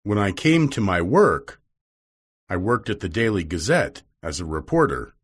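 Husky guy reading a story, really animated pitch, does all the voices. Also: normal speed. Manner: expressive, acts out each character. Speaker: narrator.

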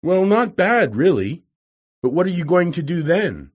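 Storybook: a cautious young scientist, voiced by the male narrator; husky, slightly raised pitch. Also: very animated, unhurried, a little mellow, exaggerated voice. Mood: skeptical.

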